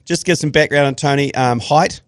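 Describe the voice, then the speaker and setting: A man hosting a podcast, asking quick teasing questions. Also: on the high side, no room sound, clean studio sound. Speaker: podcast host. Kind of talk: casual podcast banter.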